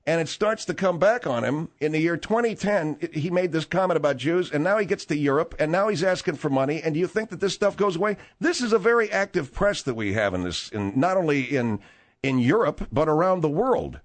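A male radio host with a blunt, sarcastic edge, reading the news and breaking off to needle his co-hosts. His voice sits a little high and swings widely in pitch as he talks. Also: lively intonation, a little fast. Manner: blunt, sarcastic, reads news aloud with asides. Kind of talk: casual radio banter.

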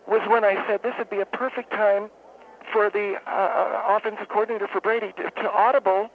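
A man's voice: high-pitched, gravelly, voice pushed up. Man doing a rambling woman caller on a phone line. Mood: deadpan. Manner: rambling, deadpan, halting with fillers. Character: woman caller, brawling football fan, middle-aged. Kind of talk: comic radio call-in bit. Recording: tinny phone line, faint hiss.

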